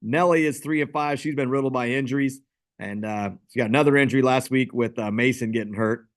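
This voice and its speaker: A man's voice: medium pitch, a little fast. A man hosting a casual fantasy football league recap, rambling and self-deprecating.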